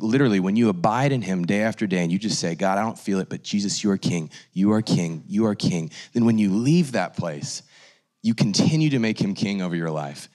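Young man, lowish voice, earnest church testimony, animated and filler-heavy. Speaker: guest speaker sharing testimony. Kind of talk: church talk.

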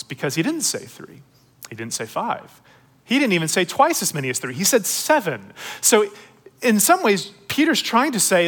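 Animated male pastor giving a sermon. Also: a little high. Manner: conversational, animated, quick bursts with long slowed phrases.

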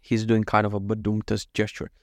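Fast-talking man telling casual stories. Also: fairly low pitch, monotone, no room sound. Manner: swearing, laughing, tangents. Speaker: vlogger. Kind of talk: casual chat.

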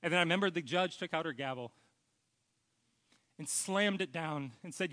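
Guy preaching a sermon, earnest storyteller, bit high voice, goes quiet n low at the end of lines. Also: normal speed, long pauses. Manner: often trails off to a soft low voice. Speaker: pastor.

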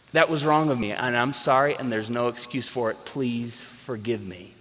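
A man preaching a sermon to a congregation, earnest and emphatic, repeating phrases for weight. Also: on the high side. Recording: long hall reverb.

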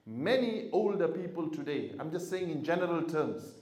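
Imam guy preaching, fairly high voice, echoey room, goes quiet then loud. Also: lively intonation, moderate pace. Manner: storytelling, swings from quiet to loud emphasis. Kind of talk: sermon to a congregation.

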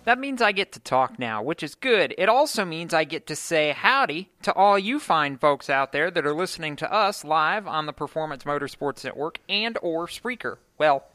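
A man's voice: fairly high pitch, animated, normal speed, hardly any pauses, sharp tone, no room sound, soft background music. A young man hosting a sports radio talk show from a studio, joking and bantering with his co-hosts. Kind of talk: casual sports radio chat.

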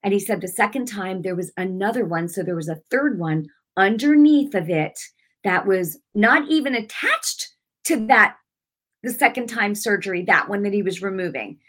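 A woman telling a personal testimony to a congregation, emphatic and chatty, swinging from hushed to loud. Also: medium pitch, lively intonation, moderate pace. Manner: casual with many fillers like "like". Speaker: speaker giving a testimony.

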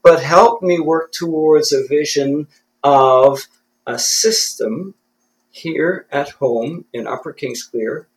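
A man's voice: mid-range voice, poor audio. Chatty canadian man explaining his setup. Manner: thoughtful, self-deprecating, restarts often. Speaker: interview guest. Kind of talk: conversational interview.

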